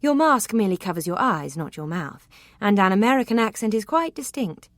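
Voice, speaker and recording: A woman's voice: medium pitch, sing-song, fairly quick, no room sound, voice pushed up, natural voice. A woman voicing a poised, cool young lady of rank in an audiobook, speaking in an arch and precise way. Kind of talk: audiobook character reading.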